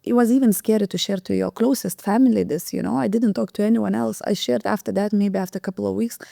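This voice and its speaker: Podcast co-host, female, dark gravelly tone, fast emotional storytelling, dry close mic. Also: mid-range voice, fairly even intonation, dry recording. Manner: fast, tumbling retelling with many "you know" fillers.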